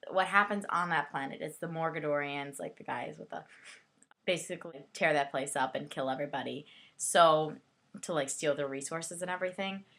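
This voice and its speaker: A woman's voice: deep voice, pushed and bright. A young woman casually reviewing a book and its film, chatty and giggly, full of "like" and asides. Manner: giggly, chatty, heavy use of "like". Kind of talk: casual rambling video review.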